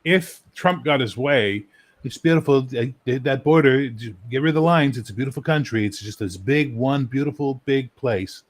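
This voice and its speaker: A man from Maritime Canada riffing on a casual podcast. His voice sits at a middle pitch, and he swears freely, building into mock-outraged rants. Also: moderate pace. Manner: profane, mock-outraged ranting. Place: Montreal.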